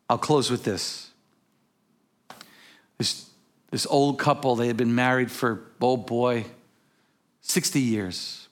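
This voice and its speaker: A man preaching a sermon as pastor, swinging between hushed, intimate lines and sudden shouted exclamations, with casual storytelling asides. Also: medium pitch.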